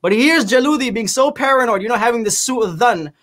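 A man on a religious panel show, retelling a historical story in a lively, vivid way. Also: extremely high pitch, brisk.

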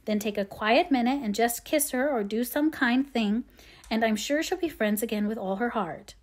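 A sensible, kind young elder sister, as a woman reading a storybook voices her. She coaxes gently in a slightly high voice. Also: normal speed, close to an everyday voice. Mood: coaxing.

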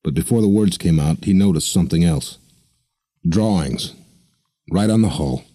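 A man narrating an audiobook in a steady, even storytelling manner. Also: sits low, moderate pace, no echo. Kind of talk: scripted narration.

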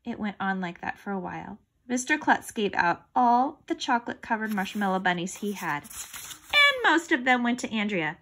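A woman reading a children's chapter book aloud in an animated, expressive way. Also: medium pitch, moderate pace. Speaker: storybook reader.

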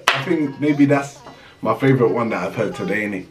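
A man's voice: a little fast, over music. Young man reacting casually. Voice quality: London street slang, lively swings in pitch. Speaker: reaction video host.

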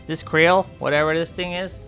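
A man's voice: a little high, steady tone, moderate pace, a bit bright, clear, resonant tone, soft background music. A man voicing a chatty, friendly male bowhead whale who rambles, jokes and trash-talks polar bears. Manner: rambling, joking, trash-talking. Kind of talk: playful game commentary role-play.

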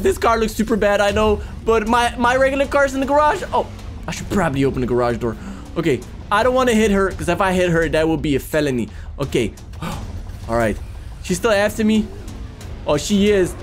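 Man, let's-play commentary, high voice, swooping wildly, panicky yelps, faint music behind. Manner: excitable, panicky yelping and joking. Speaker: gaming video host.

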